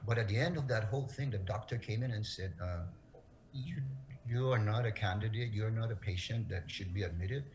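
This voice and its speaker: A middle-aged man from Guam, an interview guest telling his story in an earnest, halting way that repeats words. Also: on the low side, a little mellow, slight background noise, rough recording. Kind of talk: emotional interview testimony.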